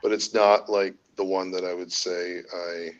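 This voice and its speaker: A man being interviewed as a guest reseller on a casual live stream, talking in a rambling, halting way and often correcting himself. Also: low voice, level tone, highs cut off.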